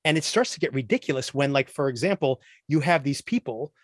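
A man hosting a podcast, ranting about a TV show in animated casual chat and mimicking characters in quick asides. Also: mid-range voice, no echo, clean studio sound. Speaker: podcast host.

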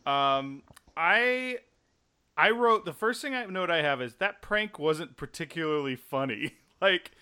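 A man from Dallas, co-hosting a podcast in casual chat, animated as he retells stories. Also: fairly high pitch, measured pace, smooth. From Dallas, Texas. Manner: animated, acts out quotes. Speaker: podcast co-host.

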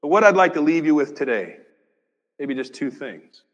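A male pastor preaching a sermon. He swings from loud emphasis down to near-whispers and acts out imagined dialogue with rhetorical questions. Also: fairly high pitch, big pitch swings, normal speed, dull audio. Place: church sanctuary. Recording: long reverb of a church hall.

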